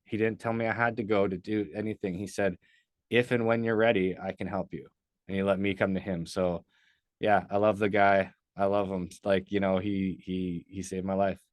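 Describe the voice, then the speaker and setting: Low, smooth-voiced man telling a story. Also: flat delivery, normal speed, no echo. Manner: earnest, rambling storyteller with many fillers. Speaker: podcast guest. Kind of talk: casual storytelling in a podcast interview.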